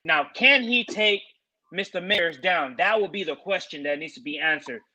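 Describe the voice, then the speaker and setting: A man with a high, bright voice breaks down fighters' stats in order. He lays out numbers methodically and then gives his prediction in a casual podcast chat. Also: animated, moderate pace, low-quality recording. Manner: methodical, walks through stats. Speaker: podcast co-host giving picks.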